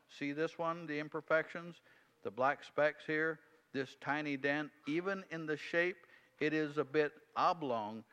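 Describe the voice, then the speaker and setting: A proud old pearl diver, slow and subdued, with low, quiet words, as a preacher reads him aloud. His voice is bright and forceful, and it rings with a long hall reverb.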